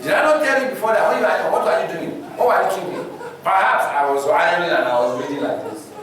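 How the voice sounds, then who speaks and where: A man's voice: sits high, fast, recorded from a distance, a crowd in the background, natural voice. A man acting out a stern father scolding his son with rhetorical questions, in an echoey hall heard from afar.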